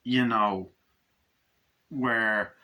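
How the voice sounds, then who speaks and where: A man giving a casual, rambling spoken film review, acting out scenes in squealing high voices as he goes. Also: fairly even intonation, very slow, pushed and bright. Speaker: movie reviewer.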